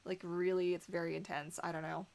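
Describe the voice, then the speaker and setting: A woman's voice: fairly low pitch, flat delivery, a little fast, vocal fry, darkish tone. A young adult woman with a Canadian accent, hosting a casual livestream and chatting with viewers in a giggly way full of fillers. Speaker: livestream host. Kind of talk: casual livestream chat reading comments.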